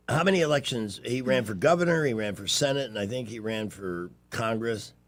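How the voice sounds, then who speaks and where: A man's voice: medium pitch, expressive, moderate pace. A man hosting a call-in talk radio show, chatting and trading sarcastic political asides.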